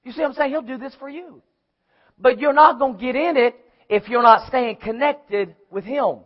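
A man with a very high voice preaches an emphatic sermon, calling back and forth with his congregation. The church recording sounds muffled and lo-fi. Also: normal speed. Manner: emphatic preaching with call-and-response.

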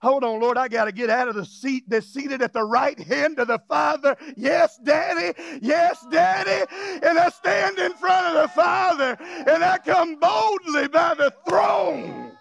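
A male pastor preaching a fiery revival sermon, often shouting with emotional cries and joking with the congregation in casual, informal grammar. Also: very high voice, measured pace, vocal fry, few pauses. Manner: jokes and laughs with the congregation.

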